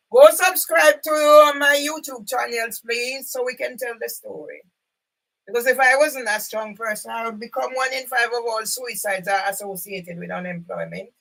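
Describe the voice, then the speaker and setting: An older woman speaking from home in an impassioned, rambling monologue to camera, at times breaking into loud outbursts. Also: a little high. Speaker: vlogger. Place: sitting at home. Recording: voice a bit far from the mic.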